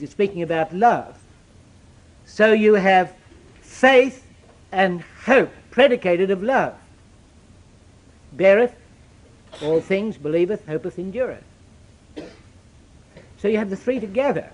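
A man preaching a sermon with an old-fashioned scriptural cadence, swinging from loud emphatic declarations to hushed, solemn asides. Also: high voice, animated, a little slow, long pauses.

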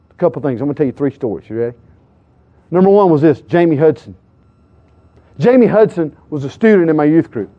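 Male pastor, sermon storyteller, slightly high voice, animated delivery with loud and hushed turns, dull dry recording. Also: fairly quick, pauses often. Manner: animated, shifts between loud exclamations and hushed asides.

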